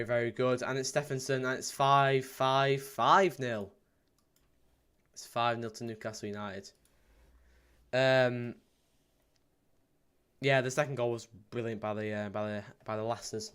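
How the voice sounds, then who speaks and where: A man hosting a live football watchalong stream. He chats casually, reads out viewer comments with plenty of ums, and breaks into excited play-by-play. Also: medium pitch, unhurried, pauses often, clear, resonant tone. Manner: bursts into excited play-by-play at goals. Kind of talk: live match watchalong chat.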